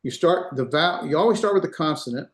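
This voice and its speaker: A man's voice: fairly high pitch, expressive, quick pace, roomy sound. A man teaching an online language class, explaining patiently step by step and repeating words so students can hear them. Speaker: Hebrew instructor. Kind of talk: online lecture. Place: room, on a video call. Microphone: video call.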